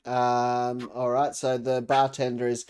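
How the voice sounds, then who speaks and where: A man's voice: mid-range voice, completely flat delivery, slow pace, a little mellow, clear, resonant tone. A man narrating a tabletop game as game master, hesitant and jokey, with many fillers.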